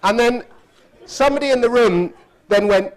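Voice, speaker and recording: A man's voice: extremely high pitch, normal speed. Chatty man telling an anecdote. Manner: chatty, laughs through the story. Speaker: storyteller. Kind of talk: anecdotal storytelling talk.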